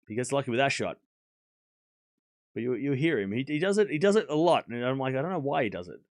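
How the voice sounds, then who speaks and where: A man hosting a casual live tennis watchalong, rambling with repeated restarts and switching into brisk play-by-play calls. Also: medium pitch, dry recording, clean studio sound. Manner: animated, rambling, repeats words while restarting sentences. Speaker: host and live tennis commentator. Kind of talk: casual livestream watchalong commentary.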